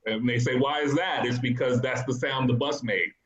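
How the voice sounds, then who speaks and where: A man's voice: mid-range voice, fairly even intonation, normal speed, a bit bright, muffled recording. Laughing man telling family stories. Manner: storytelling, frequent restarts and laughs. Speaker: panelist. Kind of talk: casual discussion.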